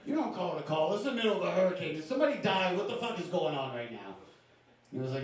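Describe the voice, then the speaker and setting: A man's voice: sits high, big pitch swings, fast. A young man from Louisiana doing a stand-up comedy set on a club stage, casual and confiding with punchy delivery. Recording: echoey club room from far off.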